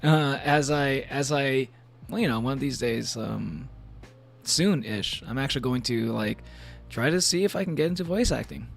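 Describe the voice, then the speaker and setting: A man's voice: mid-range voice, moderate pace, gravelly, soft background music. A man streaming from home, chatting casually while he plays, rambling and laughing often between thoughts. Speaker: VTuber streamer. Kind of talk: casual live-stream chat while gaming.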